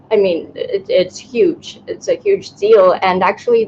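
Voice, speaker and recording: A woman's voice: fairly low pitch, highs cut off, a little hiss or hum. A woman from Ukraine co-hosting a casual chat, speaking hesitantly with restarts. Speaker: podcast co-host.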